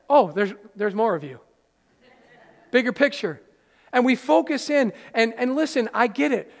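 A man's voice: very high-pitched, a little fast, a faint crowd. A man preaching a sermon to his congregation, earnest and conversational, with playful asides. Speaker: pastor. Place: church sanctuary. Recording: live hall reverb.

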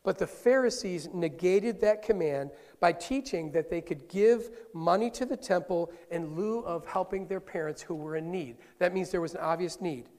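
A male pastor preaching a sermon in a lively, conversational way, often questioning his listeners. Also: high-pitched, moderate pace, few pauses, in a large hall.

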